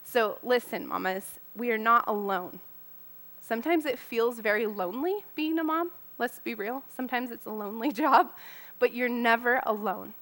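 A woman's voice: fairly high pitch, moderate pace, a bit bright. A woman in her thirties giving an earnest, personal sermon to mothers, talking casually and laughing often. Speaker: speaker to mothers. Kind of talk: conversational sermon.

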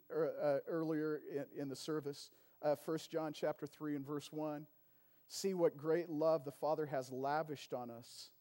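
A man's voice: on the high side, warm tone. Conversational man preaching a sermon. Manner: conversational preaching with frequent call-and-response "amen" and "right". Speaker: pastor.

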